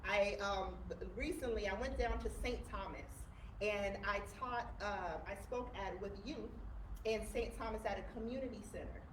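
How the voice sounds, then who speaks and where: Woman, halting speech with fillers, distant from mic, noisy background. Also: fairly high pitch. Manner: warm, halting with many fillers. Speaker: guest speaker. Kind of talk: community talk. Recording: echoey room from a distance with background noise.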